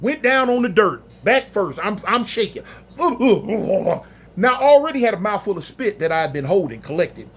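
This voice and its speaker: A man telling a story in a casual, animated, slangy way, acting out other people's voices. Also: high voice, moderate pace, husky. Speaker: storyteller recounting prison life.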